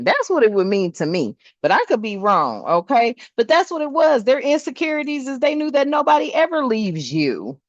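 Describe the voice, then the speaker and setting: A woman giving a casual tarot reading indoors, talking in an animated, slangy and profane way, often breaking into laughter. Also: on the high side, normal speed, hardly any pauses, no echo. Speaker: tarot reader. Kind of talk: casual spiritual reading monologue. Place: indoors, room with air conditioner. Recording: dull, dry lo-fi sound.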